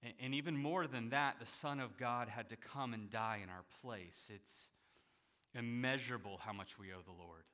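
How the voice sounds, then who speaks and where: Bright-voiced male pastor preaching. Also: medium pitch, moderate pace. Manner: conversational preaching, acts out quoted voices. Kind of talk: sermon.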